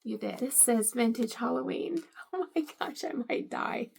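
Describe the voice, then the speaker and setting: A woman's voice: on the high side, moderate pace, gravelly, darkish tone, husky. A middle-aged woman in a casual home vlog, unboxing gifts and gushing with delight, often repeating how much she loves each item. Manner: gushing, delighted, lots of "I love it".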